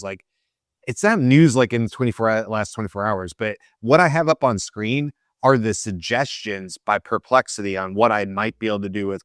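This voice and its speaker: A man's voice: on the low side, no room sound, clean studio sound. A man co-hosting a talk show, talking through his views in a rambling, wry, self-correcting way. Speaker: co-host. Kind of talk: casual tech discussion.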